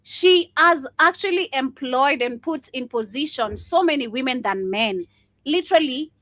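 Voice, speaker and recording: Blunt, high-voiced woman ranting. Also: animated, moderate pace, a bit bright, dry recording. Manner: blunt and swearing, with frequent laughs. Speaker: livestream host. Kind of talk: impassioned commentary.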